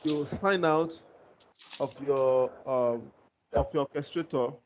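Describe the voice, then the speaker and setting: A man's voice: mid-range voice, takes it slowly, dull audio, slight background noise. A man teaching a live online class, patient and reassuring, often repeating himself. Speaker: instructor. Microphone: video call.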